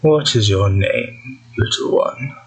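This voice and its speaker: A man voicing a cold, precise, stern mysterious presence that speaks slowly and asks probing questions. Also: medium pitch, husky, low-quality recording. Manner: slow, measured, probing questions.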